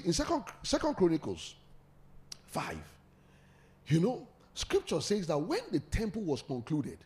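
A man's voice: high-pitched, darkish tone. A man preaching a sermon, leading call-and-response and laughing often.

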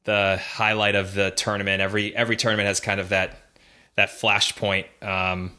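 Bright, forceful male podcast co-host. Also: lowish voice, flat delivery, normal speed. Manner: chatty, reads facts aloud with fillers. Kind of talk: casual podcast chat.

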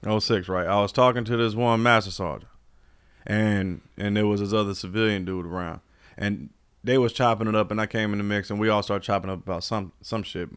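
Animated storytelling man on a podcast. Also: on the low side, brisk, clean tone. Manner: animated storyteller, mimics others' voices. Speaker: podcast co-host. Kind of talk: casual chat.

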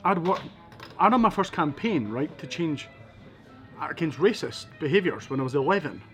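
A Scottish man from Edinburgh, a podcast guest telling animated anecdotes with wry asides. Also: a little high, normal speed, soft background music. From Scotland, Edinburgh. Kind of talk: casual storytelling interview.

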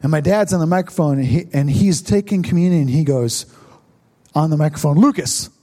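A man's voice: a little high, a little fast, mellow. A young adult male pastor telling a personal story in a conversational sermon, talking to the congregation.

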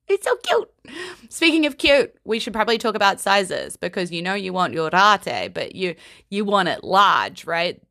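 A woman giving a casual vocabulary lesson in a playful, giggly, unhurried way. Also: on the low side, creaky, a bit bright, dry recording, studio quality. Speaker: language teacher.

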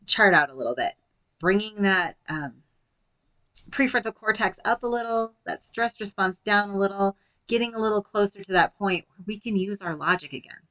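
A woman in her thirties hosting a solo podcast as a life coach, speaking gently and reassuringly. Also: medium pitch. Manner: gentle, reassuring, softly spoken at times.

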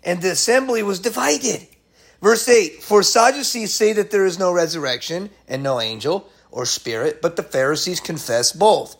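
Male, high voice, slangy excitable Bible teacher, casual sermon. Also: moderate pace. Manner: excitable, slangy, keeps saying man. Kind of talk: casual Bible study talk.

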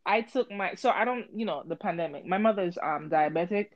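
A woman telling a story in casual chat, animated and swearing, acting out both sides with a voice she calls harsh. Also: lowish voice, brisk, no room sound, muffled recording. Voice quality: harsh-sounding voice.

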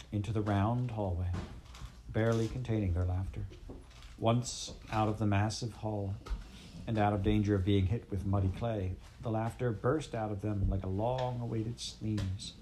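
A man reading a children's storybook aloud in a steady, measured way. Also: lowish voice, slight background noise. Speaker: audiobook reader. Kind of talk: storybook narration.

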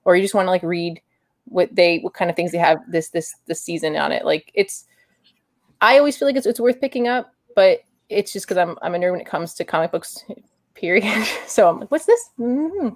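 A woman's voice: on the low side, fairly quick, a little mellow, dry recording, studio quality. A woman co-hosting a casual podcast chat about comic books, rambling with frequent restarts. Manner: rambling, many restarts, self-described nerd. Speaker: podcast co-host.

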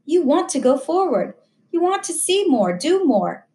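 A woman voicing a wise, gentle dying old professor of seventy-eight, speaking in an earnest, patient, teaching way. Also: sits high, very animated, unhurried, slight background noise, pitched above the performer's own voice. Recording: roomy echo.

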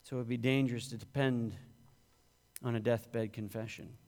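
A man's voice: mid-range voice, fairly even intonation, moderate pace, creaky, a little mellow. A male pastor preaching a sermon, rising in emphasis on quoted scripture. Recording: long hall reverb.

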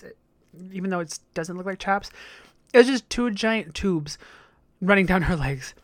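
A woman's voice: mid-range voice, no room sound. A woman gives a casual, profane recap of a TV episode, blunt and campy in her opinions. Her voice sits in an ordinary middle range. It sounds dry and close, with no room around it. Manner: blunt, campy, swears a lot; animated, getting loud when excited. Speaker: show recap host.

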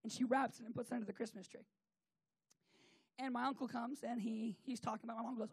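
A man's voice: extremely high pitch, fairly even intonation, fast talker, long pauses, slightly rough, no room sound. A man preacher telling a rambling, joking story in a comic sermon, full of fillers.

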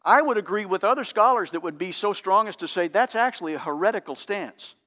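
A pastor preaching a sermon in an earnest, emphatic, teacherly way. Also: male voice, high voice, expressive, a little fast, pushed and bright.

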